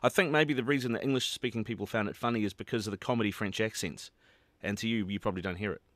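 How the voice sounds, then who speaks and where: A male radio host asks questions in a friendly, chatty manner, talking quickly. His voice is a little low. The sound is dry and close, with no room echo. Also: fairly bright tone. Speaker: radio show host, interviewer. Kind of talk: casual interview.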